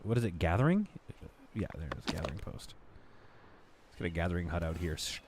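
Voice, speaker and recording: A man streaming a city-building game, thinking out loud in a rambling, self-deprecating, casual way. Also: sits low, expressive, fairly quick, very noisy. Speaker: gaming streamer. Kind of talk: casual live game commentary.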